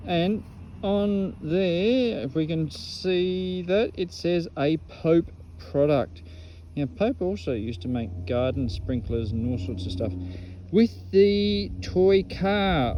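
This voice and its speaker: An excitable Australian man chats through his metal detecting finds in a casual vlog, tossing out slang as he goes. His voice sits a touch high and swings up and down with lively energy. Faint outdoor noise hangs behind him. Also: takes it slowly, dull audio. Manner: excitable, full of Aussie slang. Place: outdoors at an old rubbish dump.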